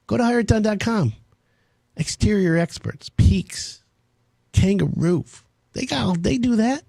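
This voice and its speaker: A man's voice: sits high, lively intonation, moderate pace, creaky, darkish tone, slightly rough, no room sound. A man hosting a home improvement radio show, brash and joking.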